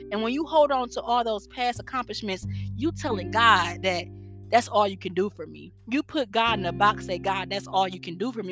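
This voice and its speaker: A young woman giving an earnest, faith-based motivational talk, with rhetorical questions and a preacher-like way of speaking. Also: medium pitch. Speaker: inspirational speaker. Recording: guitar music bed under voice. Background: guitar music.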